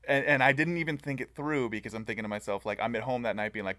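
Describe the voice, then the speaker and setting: A man co-hosting a podcast in a studio, relaxed and joking as he tells stories from school. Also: mid-range voice, quick pace, dry recording. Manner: laid-back storyteller, laughs at his own tales. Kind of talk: casual comedic chat.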